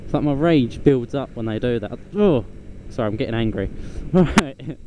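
A man vlogs while riding a scooter outdoors, rambling bluntly and swearing casually. His voice is medium-pitched at a moderate pace, with loud traffic and engine noise in the recording.

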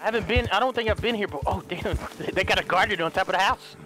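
A young man giving excitable, goofy let's play commentary, swearing often. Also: sits high, fast talker, few pauses, soft background music. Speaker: gaming YouTuber.

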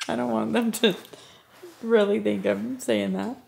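Chatty young woman with a gravelly voice. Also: medium pitch, steady tone, takes it slowly, a little mellow. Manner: chatty, laughs easily, playful teasing. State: pregnant, tired. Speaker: vlogger and mother of two toddlers. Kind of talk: casual home vlog chat. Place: family home kitchen. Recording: noticeable background noise, clicks.

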